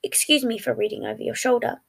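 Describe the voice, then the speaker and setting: A formal, exact young man speaks with careful, measured wording, read by a woman. The voice sits a little high with a gravelly fry. It comes from a fan fiction reading. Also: fairly even intonation. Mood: gentle. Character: formal, precise young man comforting a friend.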